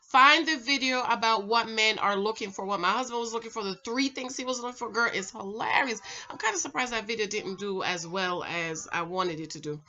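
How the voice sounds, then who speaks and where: A middle-aged woman speaks a little high and fairly quickly, with few pauses, over dull audio. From home she chats to camera in a casual vlog, animatedly lecturing the viewer on dating with a preachy tone.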